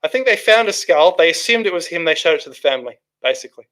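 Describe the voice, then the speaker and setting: A man's voice: a little high, animated, fast, pushed and bright. Rambling man on a livestream. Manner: rambling, with restarts and frequent fillers. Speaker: livestream host reading chat. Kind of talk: casual livestream chat.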